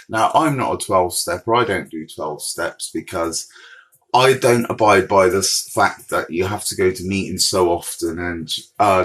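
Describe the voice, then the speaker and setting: A man's voice: lowish voice, fairly bright tone, low-quality recording. A man in his forties from Bristol with a West Country accent, hosting a recovery livestream and answering viewers' comments by name in a direct, chatty way while walking around outdoors. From Bristol, England. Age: 40s. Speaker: recovery mentor livestream host. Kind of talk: casual livestream chat, reading comments. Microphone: phone livestream.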